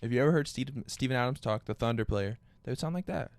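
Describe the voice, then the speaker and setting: A man's voice: medium pitch, fast talker, a little hiss or hum. A young man hosting a podcast in casual chat, playful and joking around with silly voices. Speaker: podcast host.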